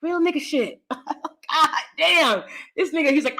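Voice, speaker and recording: Animated high bright-voiced woman host. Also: measured pace. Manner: animated, laughs often, swings loud and soft. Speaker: channel host. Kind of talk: casual live-stream chat.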